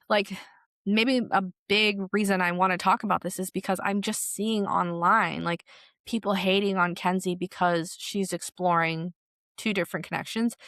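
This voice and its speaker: A young woman hosting a podcast, chatting casually about reality TV in an animated, filler-heavy way. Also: on the low side, dry recording, studio quality. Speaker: podcast host. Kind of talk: solo pop culture commentary.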